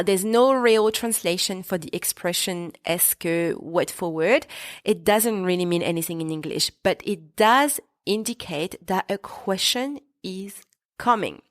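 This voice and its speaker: Woman, podcast language teacher, patient clear explaining, mid-pitched voice, dry close sound. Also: no echo. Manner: clear, patient explaining with spoken French examples. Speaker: French teacher and podcast host. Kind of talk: scripted podcast lesson.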